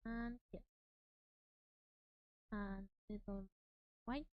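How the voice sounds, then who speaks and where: A woman whose native language is Spanish chats casually as a VTuber, livestreaming from home in an excitable, giggly manner and often apologizing. She speaks very slowly with a mid-range voice. The recording has no echo but sounds muffled.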